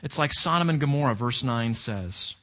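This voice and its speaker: A man's voice: medium pitch, animated, moderate pace, fairly bright tone. A male pastor preaching a sermon with emphasis, reading scripture aloud and asking the congregation rhetorical questions.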